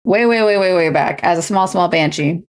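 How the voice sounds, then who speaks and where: A woman's voice: on the low side, moderate pace, clear, resonant tone. A woman streamer chatting casually while she cross-stitches at home, rambling and poking fun at herself as she tells stories. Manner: chatty, self-mocking, rambling storytelling.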